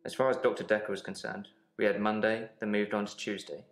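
An actor playing a grieving man stuck reliving one day, speaking in a weary, flat, subdued way in a game. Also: lowish voice, fast, creaky, echoey room.

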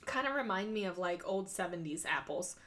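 A woman's voice: on the low side, animated, a little fast, a bit bright. A woman in her forties, congested and breathing through her mouth, narrating a casual crafting voice-over in a chatty, rambling way with frequent ums. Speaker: scrapbooking video host.

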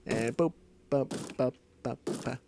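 A man giving excitable, live gameplay commentary, often repeating short calls. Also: mid-range voice, slow pace, vocal fry. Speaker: gamer. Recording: noisy home recording.

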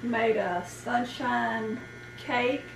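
A woman telling family stories casually to camera, chatty and quick to laugh. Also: on the high side, creaky, a crowd in the background. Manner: chatty storyteller, laughs easily. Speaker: homestead vlogger. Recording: echoey room, mic at a distance.

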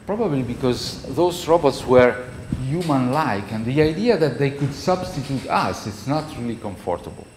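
A man's voice: mid-range voice, lively intonation, normal speed, hardly any pauses. A male university professor with an Italian accent giving a classroom lecture, conversational and checking in with the class often. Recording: echoey lecture hall, faint noise.

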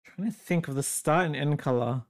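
An artist with an Australian accent chatting casually with a livestream chat while drawing, with bursts of excitement when reading chat and quiet muttering while working. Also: mid-range voice, normal speed. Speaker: artist streaming a drawing session.

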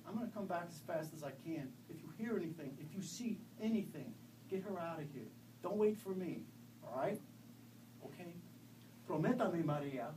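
A man voicing a frightened, protective father who shouts and swears urgently, heard from a distant microphone at a live reading. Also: a little high, expressive, normal speed, slight background noise, natural voice.

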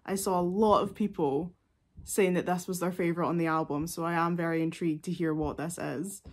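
A woman's voice: lowish voice, steady tone, a little fast, darkish tone. A woman, chatting casually and gushingly as a music reaction vlogger, with lots of fillers.

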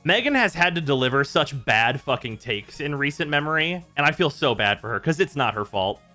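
A man's voice: a little high, a little fast, soft background music. A man hosting a gaming stream, ranting in casual chat with lots of swearing. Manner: exasperated, swearing, animated rants. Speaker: streamer host.

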